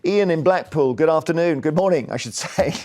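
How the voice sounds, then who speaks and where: Brisk male phone-in host. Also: fairly high pitch, a little mellow. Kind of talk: casual talk radio.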